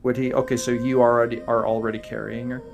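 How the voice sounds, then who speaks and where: A man's voice: mid-range voice, little pitch movement, fast talker, vocal fry, soft background music. A man playing a tabletop game, describing his character's actions with hesitant, thinking-aloud speech. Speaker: player. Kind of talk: tabletop role-play.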